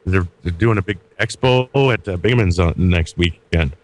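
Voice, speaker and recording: A man's voice: sits low, moderate pace. A middle-aged man co-hosting a podcast over Skype, chatting casually, hesitant with many fillers and restarts. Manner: hesitant, lots of uh and restarts, laughs often. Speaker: podcast co-host. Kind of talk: casual chat. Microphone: talking over Skype.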